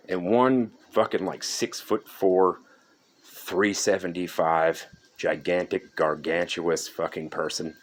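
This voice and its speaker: Deep-voiced man ranting profanely. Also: a little hiss or hum. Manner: profane, exasperated, sarcastic. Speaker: horror movie reviewer. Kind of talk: casual ranting review.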